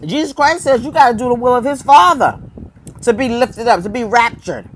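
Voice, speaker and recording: A woman preaching live to her online viewers, emphatic and insistent. She pushes rhetorical questions at the audience and hammers key phrases through repetition. Her voice sits a little higher than most women's and comes through a phone or webcam mic. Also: animated, fairly quick, slight background noise, rough recording. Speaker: preacher hosting a live stream. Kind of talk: informal live-stream preaching.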